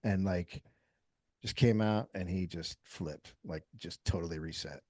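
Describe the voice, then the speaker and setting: A man who is a comedian guest, telling a story in casual podcast chat, animated and profane, acting out quotes. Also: low-pitched, unhurried, dry recording, studio quality.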